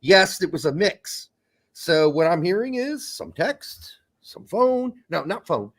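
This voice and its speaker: Male co-host, blunt and profane, slightly high, very animated delivery. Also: slow. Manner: blunt, profane, jumps into mock voices. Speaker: podcast co-host. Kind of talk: casual chat.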